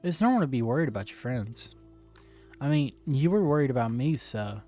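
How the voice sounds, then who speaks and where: A man's voice: mid-range voice, big pitch swings, fairly quick, dark tone, soft background music, natural voice. A man voicing a worried teen boy, reading his lines plainly and earnestly.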